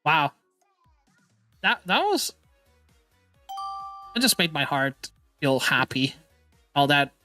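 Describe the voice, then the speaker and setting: A man hosting a casual live stream as a VTuber, excitable, stammering and often laughing or swearing. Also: a little high, slow pace, pauses often, faint music behind.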